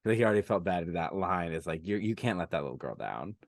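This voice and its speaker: Podcast co-host, male, deep and dry, chatty film recap with quoted lines. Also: quick pace, no echo. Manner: animated retelling, quoting lines in voices. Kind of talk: casual chat recapping a film.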